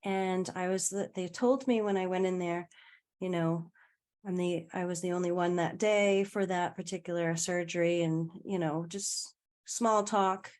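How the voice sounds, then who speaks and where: A woman's voice: on the low side, steady tone, unhurried, darkish tone. A woman guest in a casual conversation, telling a personal story in a chatty way, often laughing and trailing off mid-sentence.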